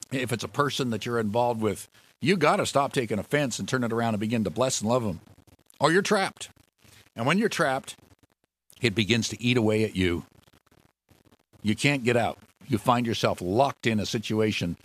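A man preaching a sermon who talks in a lively, animated way and jumps higher and louder on key words. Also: no room sound.

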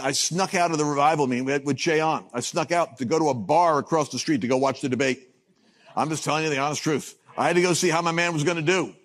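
A man preaching a sermon, telling stories with jokes and swinging between loud bursts and hushed asides. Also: on the high side. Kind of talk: sermon with storytelling.

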